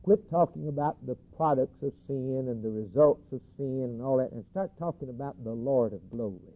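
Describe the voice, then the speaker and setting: A male preacher delivering an emphatic sermon, repeating key phrases and swinging between loud declarations and hushed lines. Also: mid-range voice, moderate pace. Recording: tinny lo-fi phone-like recording.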